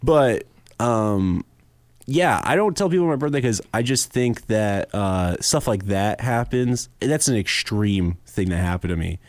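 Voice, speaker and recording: A man's voice: lowish voice, a little slow, dry recording, studio quality. A young man hosting a podcast, telling a story with lots of acted-out quotes. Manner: animated storyteller, acts out quoted voices. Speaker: podcast host. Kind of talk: casual chat, storytelling.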